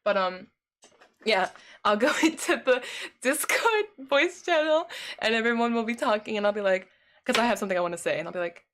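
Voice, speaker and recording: A woman's voice: a little high, expressive, fairly quick, background noise. A woman streamer chatting casually with her live chat. She rambles, fills her talk with "like" and laughs often.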